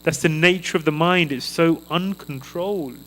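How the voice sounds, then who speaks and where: A man giving a devotional sermon at a temple feast, slow and earnest, chanting a mantra aloud as he teaches. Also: on the high side, fairly bright tone, low-quality recording. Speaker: guest speaker at a temple feast. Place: temple hall.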